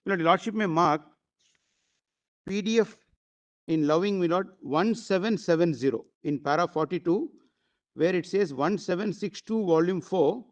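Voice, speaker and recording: A man's voice: high-pitched, normal speed. A man with an Indian English accent arguing formally before a court, addressing the bench as "my lord" again and again. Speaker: advocate. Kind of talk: courtroom argument.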